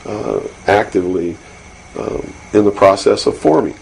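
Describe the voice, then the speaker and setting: A man's voice: fairly low pitch, expressive, a little slow, gravelly, darkish tone, low-quality recording. A man as an interview guest, speaking earnestly and insistently, with many fillers and restarts. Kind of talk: recorded interview. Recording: faint hiss from an old 1992 interview tape.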